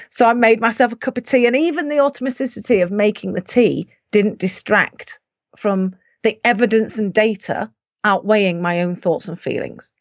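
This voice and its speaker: Animated woman telling a personal story. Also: mid-range voice, normal speed, no echo. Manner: animated, self-deprecating storytelling with acted-out inner voices. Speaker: podcast guest. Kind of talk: storytelling in conversation.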